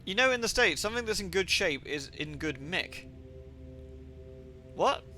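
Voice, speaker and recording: A man's voice: high-pitched, expressive, unhurried, pushed and bright, faint music behind. A man giving jokey, rambling commentary while he streams a game. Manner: jokey and rambling, playing with slang. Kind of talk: casual live-stream commentary.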